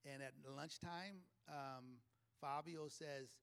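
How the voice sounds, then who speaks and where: Chatty man telling a story, somewhat high. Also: slow pace, fairly bright tone, clear, resonant tone. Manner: chatty, laughs often between phrases. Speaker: leadership coach. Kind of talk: storytelling talk to a live audience.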